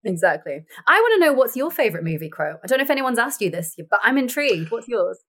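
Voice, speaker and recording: Chatty, laughing actress. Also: female voice, a little high, quick pace, slightly rough. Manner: chatty, laughs often, animated storytelling. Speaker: actress and podcast guest. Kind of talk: casual chat.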